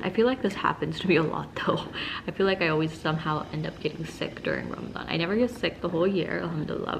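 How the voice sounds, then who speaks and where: Congested woman vlogging with a gravelly voice. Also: fairly low pitch. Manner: chatty, laughs between lines. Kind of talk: casual vlog chat. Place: at home. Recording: steady noise from a steamer.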